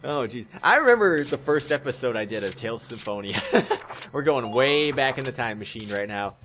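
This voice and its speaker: A young man talks over his own game footage in a loose, rambling way, stumbling over his words and laughing at himself. His pitch swings widely from low mutters to bright bursts. Faint music plays underneath his voice. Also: animated, normal speed. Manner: rambling, self-mocking, laughs often, stammers and restarts. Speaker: gaming channel host. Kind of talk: casual post-recorded game commentary.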